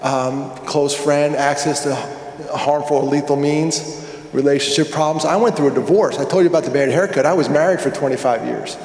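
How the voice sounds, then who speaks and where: Animated storytelling man in echoey hall. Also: a little high, fairly quick. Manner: animated, acts out phone dialogues. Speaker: conference speaker. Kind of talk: storytelling keynote talk. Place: large hall. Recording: echoey hall with long reverb.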